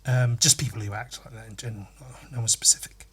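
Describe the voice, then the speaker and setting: Husky, bright-voiced man rambling. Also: medium pitch, steady tone, fast. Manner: crude, rambling, mock-earnest, giggly asides. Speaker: podcast host. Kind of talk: crude rambling comedy monologue.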